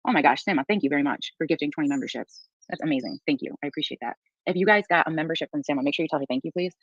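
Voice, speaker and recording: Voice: medium pitch, very fast, a bit bright, no echo, highs cut off. A streamer commenting sardonically on played clips and thanking viewers in casual livestream talk. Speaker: livestream co-host.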